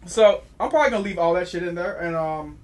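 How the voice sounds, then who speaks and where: Blunt, crude podcast host, a man with a fairly high voice. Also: fast. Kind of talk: casual chat.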